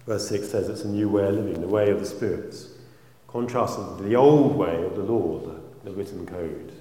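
A man with a lowish voice preaches and prays in a gentle, earnest manner, letting some phrases fall almost to a hush. His voice carries through a roomy church hall with a long, lingering reverb. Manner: gentle, earnest, drops very soft on quoted phrases. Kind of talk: sermon and spoken prayer.

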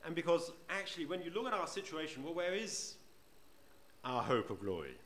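Preacher in an echoey church. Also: male voice, a little high, big pitch swings, a little fast, a bit bright. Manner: conversational, asks the congregation rhetorical questions. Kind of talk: sermon. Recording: roomy church echo.

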